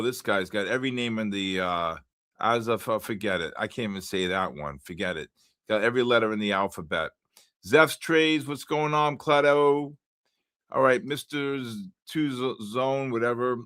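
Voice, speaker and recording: An older man hosting a live trading stream, chatting casually, greeting viewers by name and breaking into loud exclamations. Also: mid-range voice, clean tone. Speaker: livestream trading host.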